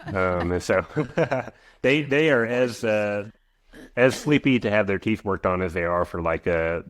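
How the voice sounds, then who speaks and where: Guest, male, 40s, very low voice, dry close sound, rambling explainer full of restarts. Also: dry recording. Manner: rambling, frequent restarts and asides. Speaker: guest, equine veterinarian. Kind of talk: podcast interview.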